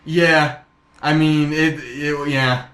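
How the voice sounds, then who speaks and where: A man co-hosting a podcast in casual comedic chat, animated and profane, sliding into silly voices. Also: a little high, extremely slow. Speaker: podcast co-host. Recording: roomy echo.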